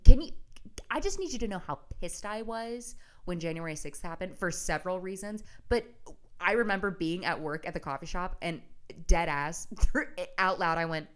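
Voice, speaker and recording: A young woman talks straight to her viewers in a casual storytelling vlog. Her voice sits low and sounds smooth and resonant. She is wry and profane and breaks into laughter as she goes. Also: normal speed, a bit bright. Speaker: comedian and vlogger.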